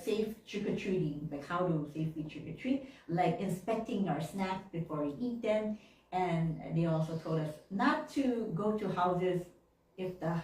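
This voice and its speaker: A woman telling childhood stories during a sermon, animated and laughing often, acting out little voices along the way. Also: mid-range voice. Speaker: minister. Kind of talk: storytelling sermon. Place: church hall. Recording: very echoey room, mic at a distance.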